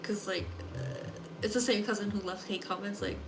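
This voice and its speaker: A woman client chatting casually, halting and full of filler words. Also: mid-range voice, steady tone. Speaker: nail client. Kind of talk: casual chat. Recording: loud clicking noise over voice.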